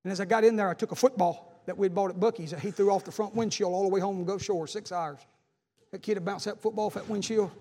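A man preaching a sermon as pastor, building to shouted emphasis. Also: high voice, fairly even intonation, fast, big-room sound. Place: church hall.

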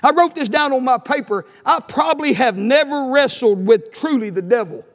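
Impassioned preacher with a high voice. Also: male voice, expressive, normal speed. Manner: impassioned, shouting at peaks, storytelling. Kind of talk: sermon.

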